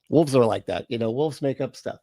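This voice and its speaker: A man's voice: medium pitch, mellow, no room sound, studio quality. A man hosting a live stream in casual chat, greeting viewers with rambling, chuckling, self-correcting asides.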